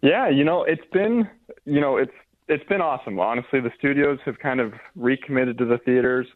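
A man's voice: mid-range voice, brisk, no echo. Enthusiastic male guest on a phone line. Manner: enthusiastic, gushing. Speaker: theater general manager guest. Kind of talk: remote radio interview.

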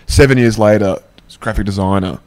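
A man's voice: on the low side, a little fast, a little mellow. A man in casual podcast chat, joking and laughing often.

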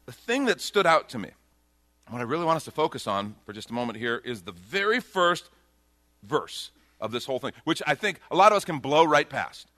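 A pastor preaching a sermon in a conversational style, joking about himself and swinging from hushed, slow lines to loud, excited ones. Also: male voice, medium pitch, no echo.

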